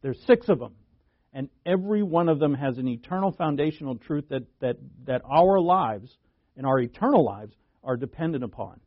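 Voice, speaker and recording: A man preaches a sermon in a fairly high voice, punching key words with sudden jumps in pitch and mixing in folksy asides. The recording sounds dull and lo-fi, with a dry, close sound and no room echo. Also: expressive, moderate pace.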